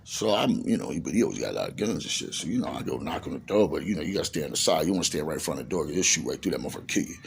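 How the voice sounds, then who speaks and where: A man's voice: very deep voice, sing-song, very fast, vocal fry, few pauses, slight background noise. A middle-aged man telling a rambling, profane story in street slang, acting out what people said.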